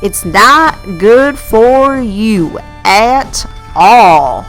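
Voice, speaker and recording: A woman playing a slow, lecturing old zoologist. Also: fairly high pitch, animated, soft background music, heavily acted, low-quality recording. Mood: explaining. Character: retired male zoologist, calm and explaining.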